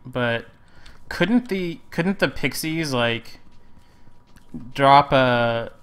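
A man's voice: mid-range voice, lively intonation, extremely slow, a bit bright, clean tone. A man casually commentating his gameplay, rambling and correcting himself with wry asides. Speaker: let's play host.

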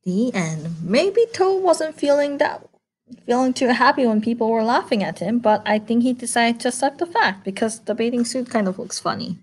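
Woman teacher reading a picture book to kids, super lively voice, chatty little asides. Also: a little high, moderate pace, husky.

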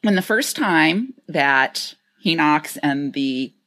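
A woman's voice: sits low, animated, takes it slowly, a bit bright. A woman co-hosting a podcast, explaining things step by step and playfully imitating lines. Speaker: podcast co-host. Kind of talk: casual chat.

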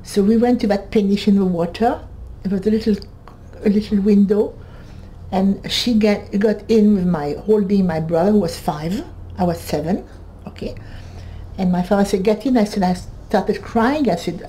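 A woman in her eighties from northern France with a French accent, giving a halting personal testimony, often restarting and repeating words. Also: medium pitch, dark tone, a little hiss or hum, rough recording. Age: 80s. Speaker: Holocaust survivor giving testimony.

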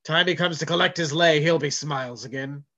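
A man doing a gruff, offhand sea captain. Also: a little high, fairly quick, sharp tone, muffled recording. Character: gruff old whaling ship captain, dismissive.

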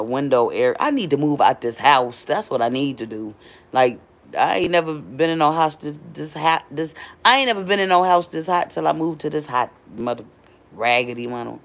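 A chatty, animated middle-aged woman speaks casually to her live stream viewers on a phone from the doorway of her home. A bass voice can also be heard.

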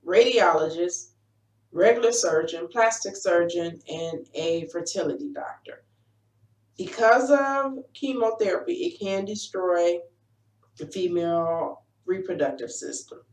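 A woman in her forties telling her own story to camera as a life coach, in an earnest, direct and encouraging way. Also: lowish voice. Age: 40s. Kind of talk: personal testimony to camera. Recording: roomy echo, voice from a distance.

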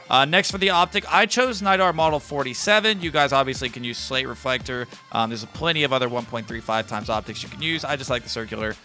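A young man streaming a shooter game, commenting in excited bursts, shouting and repeating phrases, then walking through his loadout. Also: medium pitch. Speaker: gaming streamer. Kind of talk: excited live gameplay commentary.

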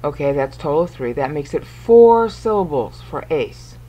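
A woman's voice: deep voice, very animated, normal speed, dark tone. A woman teaching a screen-recorded Bible study lesson, talking patiently through the text, counting syllables aloud and breaking off now and then to restart. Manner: self-interrupting, with small restarts and asides. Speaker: Bible commentator.

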